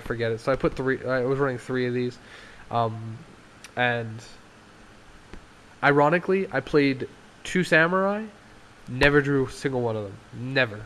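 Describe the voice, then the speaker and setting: A young man talking casually through his card game deck, excitable, laughing often and acting out his opponents. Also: medium pitch, slight background noise.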